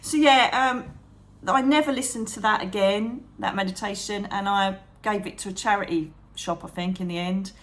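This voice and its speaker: A woman chatting to camera about meditation as a psychic medium and channel host, animated, calling viewers darling and trailing off mid-thought. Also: medium pitch, moderate pace. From England. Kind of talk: chatty advice vlog to camera.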